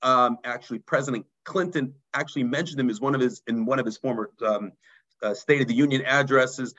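A man's voice: fairly quick, lo-fi sound. Man, rabbi, storytelling sermon, dramatic drops in volume. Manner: dramatic storyteller, drops low and quiet for emphasis. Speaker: rabbi teaching a mussar class.

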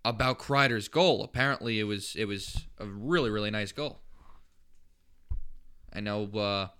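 A man's voice: on the low side, a little slow, bright, forceful tone, smooth. A man hosting a casual sports chat, reacting to a guest and giving live score updates. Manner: conversational, reacts with laughs, gives game updates.

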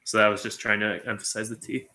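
A playful man joins a casual movie chat, laughing easily. His low voice has a bright, forceful edge. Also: level tone, quick pace. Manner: playful, laughing, tries out accents.

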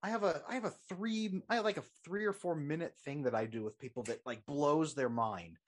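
Husky man coaching on relationships. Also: a little high, a little fast. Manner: earnest, explaining, walks listener through exercises. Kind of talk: casual chat, guided visualization.

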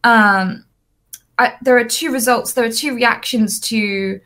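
A young adult woman, an interview guest, telling lively personal anecdotes with frequent fillers and restarts. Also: fairly high pitch, measured pace. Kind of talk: casual storytelling.

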